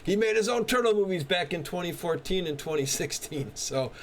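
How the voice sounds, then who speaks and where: This podcast co-host's voice sits high and sounds animated and fairly bright, moving a little fast over a slight hiss or hum. Casually reviewing comics, he stays friendly and upbeat, laughs, and peppers his talk with "you know" and "uh".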